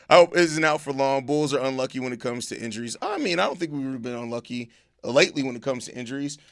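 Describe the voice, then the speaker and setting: A man's voice: medium pitch, a little fast, gravelly, no room sound, studio quality. A man hosting a casual live stream, reading viewer chat aloud and answering it, often with mock outrage and swearing. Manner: animated, mock outrage, swearing, repeated questions.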